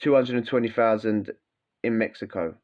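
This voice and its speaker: A man, a former prisoner, hosting a podcast in a blunt, animated, swearing rant. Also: lowish voice, normal speed. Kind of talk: casual ranting monologue. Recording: dull lo-fi sound.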